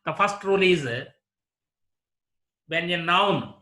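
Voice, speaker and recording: Slow, bright-voiced male English teacher. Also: sits high. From India. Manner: slow, deliberate, repeats example words one by one. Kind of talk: classroom lecture on word stress.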